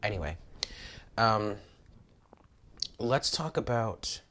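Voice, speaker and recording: Blunt, cursing American tarot reader, low voice. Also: male voice, lively intonation, takes it slowly, fairly bright tone. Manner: blunt and cursing, laughing and exclaiming often. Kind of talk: casual tarot reading.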